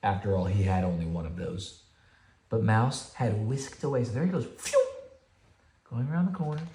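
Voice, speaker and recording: A man's voice: lowish voice, moderate pace, mellow, a little hiss or hum. A father reading a children's picture book aloud, chatty, with asides to his kids. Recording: roomy home room echo.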